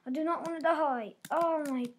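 A woman giving live gameplay commentary, reacting aloud with frequent exclamations and dropping to soft mutters between outbursts. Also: high-pitched, normal speed. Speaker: gamer.

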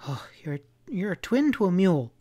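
A man's voice: on the high side, lively intonation, moderate pace, a little mellow, pitched above the performer's own voice. A stubborn young frontier woman who pleads urgently and turns bitter in a western audiobook, as a male narrator lifts his voice for her. Her voice sits well above the narrator's own. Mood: exasperated.

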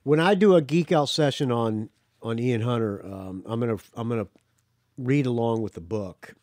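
A man's voice: medium pitch, moderate pace, a little mellow, no echo. Male podcast host, casual and teasing, rambling; mid voice, dry close sound. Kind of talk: casual chat.

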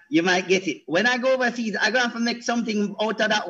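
Husky, high-voiced Jamaican man. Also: fast talker, sharp tone. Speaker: touring stage actor. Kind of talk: panel discussion. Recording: dull lo-fi call audio.

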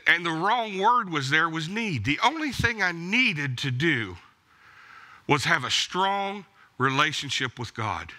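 A male pastor preaches in church, exhorting his listeners emphatically and hammering his points home with blunt, repeated commands. His voice is a little high and sharp-toned, with lively intonation and a slightly slow pace.

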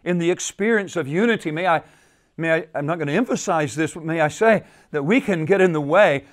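Pastor guy preaching, fairly high voice, keeps repeating himself, gets quiet then punches up. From United States. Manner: repeats phrases, rises and falls in pitch and volume for emphasis. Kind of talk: sermon. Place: church at a men's retreat.

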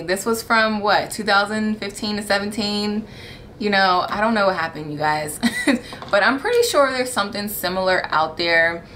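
A candid, chatty woman in her thirties vlogs in a casual tone. Her voice sits at an ordinary middle pitch, and a faint hiss of room ambience runs underneath. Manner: chatty and candid, laughing often, animated when exasperated. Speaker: vlogger. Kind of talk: casual wedding-planning vlog.

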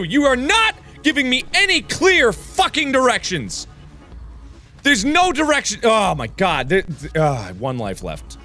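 High, wildly animated frustrated gamer man. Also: unhurried, soft background music. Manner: loud, exasperated, swears freely, with sudden yelling outbursts. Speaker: let's play host. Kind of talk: video game commentary.

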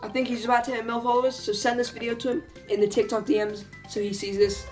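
A woman giving casual, excitable commentary as she opens card packs, calling out reveals and laughing often. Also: on the high side, fast. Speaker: gaming YouTuber. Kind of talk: casual pack-opening commentary. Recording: faint background music.

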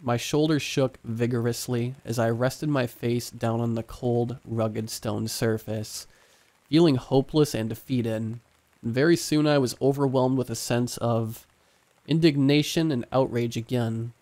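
A man narrating a scripted horror story in a hushed, suspenseful way. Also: mid-range voice, fairly even intonation, unhurried.

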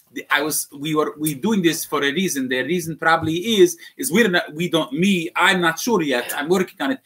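A man's voice: a little high, sharp tone. A man playing a rambling, self-deprecating rebbe in an improvised comedy skit. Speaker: comic playing a folksy rebbe.

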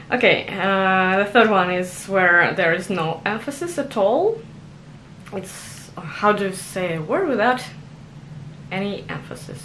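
A woman's voice: medium pitch, lively intonation, takes it slowly, a bit bright, slight background noise. A young adult woman vlogging about learning a language, self-conscious and giggly, with many fillers and restarts. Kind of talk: casual vlog monologue.

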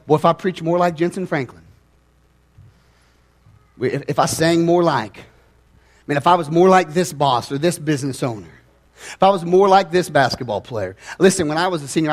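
A young man, a pastor, preaching a sermon, swinging from loud, near-shouted passages down to quiet, low asides.

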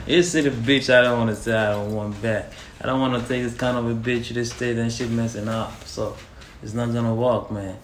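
A man's voice: medium pitch, steady tone, normal speed, echoey room, a little hiss or hum. A man, a guest on the show, talking bluntly and swearing. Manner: blunt, profane. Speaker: guest testing his girlfriend.

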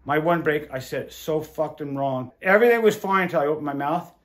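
A middle-aged man and former windsurfer telling stories casually in an interview, animated and acting out quoted voices. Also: fairly high pitch, a little fast. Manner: animated, swearing, acts out quotes.

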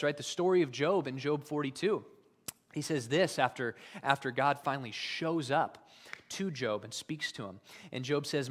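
A man preaching a sermon as pastor, swinging from hushed whispers to loud emphatic peaks and often checking in with "right?". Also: mid-range voice, long reverb tail. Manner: conversational, uses "right?" often.

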